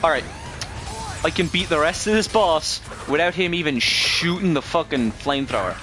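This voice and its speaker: A man's voice: fairly high pitch, normal speed, background noise. A man streaming a game, rambling through casual commentary with frequent swearing and self-corrections.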